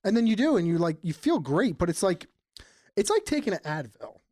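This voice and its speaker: Lively, chatty podcast co-host. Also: male voice, high-pitched, fairly quick, no room sound, studio quality. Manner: animated, rambling, laughs often. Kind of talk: casual chat.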